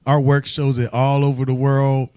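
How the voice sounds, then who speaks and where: A man's voice: mid-range voice, monotone, moderate pace, warm tone, clean tone, no echo. Man, co-host, emphatic exhorting talk, dry recording. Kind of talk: casual show wrap-up talk.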